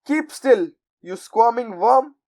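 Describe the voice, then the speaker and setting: A towering bully of a headmistress barks and thunders through the storybook, as a woman reading aloud puts her on. Her words drip with sarcasm and scorn, and her shouts climb sharply higher and louder. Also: lively intonation, takes it slowly. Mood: bellowing. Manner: snapping, bellowing.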